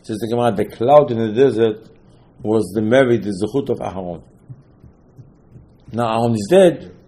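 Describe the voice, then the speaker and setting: A man giving a Torah class as a rabbi. He talks in an animated way, acts out the quotes and uses loose, non-standard English. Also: lowish voice, moderate pace, poor audio. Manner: animated, acts out quotes, mixes in Hebrew terms.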